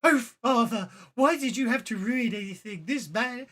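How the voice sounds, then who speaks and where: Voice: medium pitch, normal speed, fairly bright tone, husky, voice pushed up. A game master doing a coy, petulant young woman.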